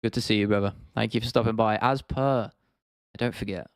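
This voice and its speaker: A man's voice: on the low side, fairly even intonation, normal speed, smooth, no room sound, clean studio sound. A young man from England hosting a casual livestream, reading out chat comments and rambling with frequent restarts and laughs. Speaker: livestream host.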